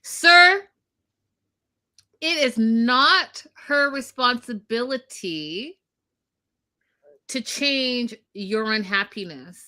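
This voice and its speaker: A woman's voice: on the high side, expressive, extremely slow, pauses often, bright, forceful tone. A woman co-hosting a casual recap chat, talking in a blunt, emphatic way and swearing freely. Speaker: podcast co-host.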